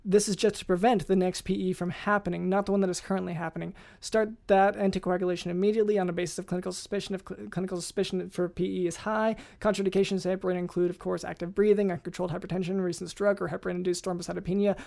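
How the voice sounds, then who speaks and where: A co-host rapidly reading a medical lesson on a podcast, with frequent fillers. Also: medium pitch, little pitch movement, gravelly, a little mellow.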